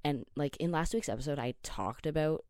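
A man's voice: a little high, brisk, clear, resonant tone, no echo, clean studio sound. Rambling, tired young Canadian man. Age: 20s. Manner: rambling and self-interrupting, with many likes and ums; gets excited about favorite superheroes. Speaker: podcast host. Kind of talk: casual solo podcast chat.

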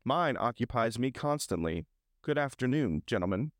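Man voicing a cold, curt old miser for a storybook reading, mid pitch, dry. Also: expressive, normal speed, no echo, close to an everyday voice. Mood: cold, dismissive. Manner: curt and dismissive.

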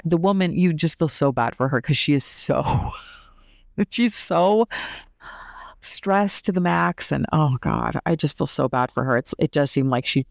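A woman's voice: deep voice, vocal fry, dry recording, clean studio sound. A woman recapping a reality TV episode in a casual, opinionated way, saying "like" often. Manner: chatty and opinionated, heavy use of "like".

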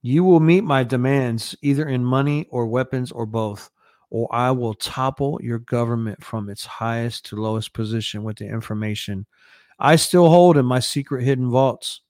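A man's voice: mid-range voice, normal speed, darkish tone, dry recording, studio quality, lightly acted. A man reading the lines of an arrogant young national leader who makes harsh, angry demands. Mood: angry threatening.

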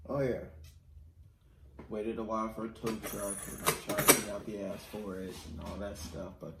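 A man's voice: fairly low pitch, fairly even intonation, moderate pace. A man chatting casually on a podcast, who laughs a lot and pokes fun at himself. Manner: laughs often, self-deprecating. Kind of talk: casual chat. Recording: echoey room, faint noise.

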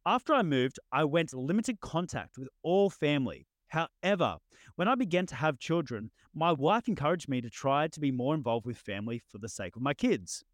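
A man's voice: on the high side, animated, normal speed, dry recording, studio quality. Man stumbling through a read-aloud story. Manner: stumbling reader, frequent self-corrections. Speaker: podcast co-host reading stories. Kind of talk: reading aloud on a casual podcast.

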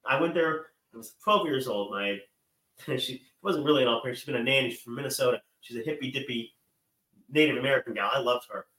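A man's voice: mid-range voice, a little fast, sharp tone, roomy sound, rough recording. A man from Maryland hosting a morning show, delivering a rambling, irreverent political monologue with swearing and asides.

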